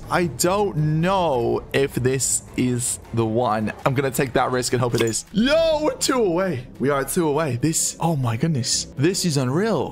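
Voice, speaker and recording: Excitable young man calling casino bets. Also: a little high. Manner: excitable, shouts and laughs at wins, counts numbers aloud. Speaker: online casino streamer. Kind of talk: live gambling commentary.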